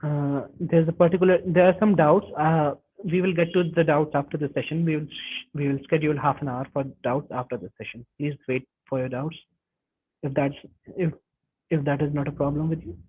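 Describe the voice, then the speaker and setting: A man's voice: on the high side, steady tone, brisk, husky, phone-quality sound. A man with an Indian English accent teaching a live online webinar, explaining step by step and often restarting and correcting himself. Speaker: webinar instructor. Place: home or office, online webinar. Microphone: computer mic over a web call.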